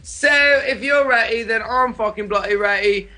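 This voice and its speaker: A man putting on a mock English accent as a jolly, swearing bloke, loud and laughing. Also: very high voice, normal speed, exaggerated voice. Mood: boisterous. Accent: put-on English.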